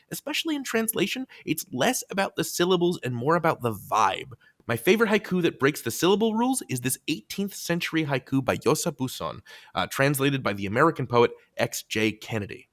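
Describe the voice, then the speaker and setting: A man's voice: medium pitch, fairly bright tone. A man co-hosting a poetry lesson, trading playful scripted banter and reading verse aloud.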